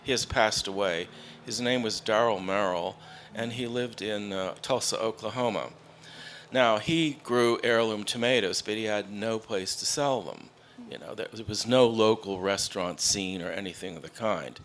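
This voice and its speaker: A man on a panel telling a story in a halting, anecdotal way. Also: fairly low pitch, fairly bright tone, a little hiss or hum.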